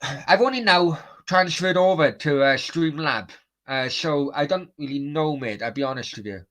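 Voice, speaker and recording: A man's voice: fairly high pitch, moderate pace, a bit bright. A man hosting a football watchalong stream, chatting bluntly and swearing as he answers his chat. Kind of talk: casual live-stream chat.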